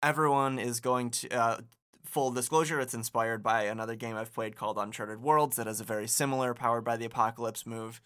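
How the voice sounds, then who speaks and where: A man's voice: mid-range voice, little pitch movement, brisk, fairly bright tone. A man narrating as game master of a tabletop role-playing game, laid-back, swearing and laughing easily.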